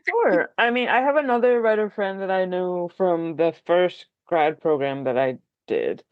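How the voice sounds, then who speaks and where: A candid writer rambles through a casual podcast chat, dotting every thought with likes and ums and gently putting themselves down. The sound is dull and lo-fi, with a dry room that gives back no echo. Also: mid-range voice, animated, normal speed, clear, resonant tone. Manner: self-deprecating. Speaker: podcast guest, fellow writer.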